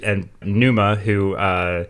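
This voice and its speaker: A man's voice: fairly low pitch, fairly even intonation, slow, a bit bright, clear, resonant tone. A man co-hosting a podcast, talking eagerly and rambling with many restarts. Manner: rambling, full of fillers and restarts, enthusiastic. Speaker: podcast co-host. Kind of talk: casual chat.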